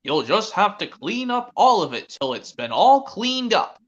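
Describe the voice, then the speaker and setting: Fan impression: a man doing a fussy old cartoon farmer, slow and scolding, dull voice-chat audio. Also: sits high, big pitch swings, a bit bright, pitched above the performer's own voice, exaggerated voice. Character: stern, fussy older male farmer. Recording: lo-fi online voice chat.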